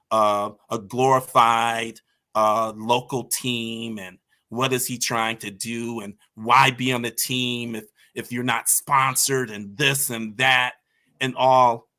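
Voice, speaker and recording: A man's voice: medium pitch, steady tone, slow, bright, forceful tone. A man as a podcast guest, telling stories about his martial arts team with passion and emphasis. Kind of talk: conversational storytelling.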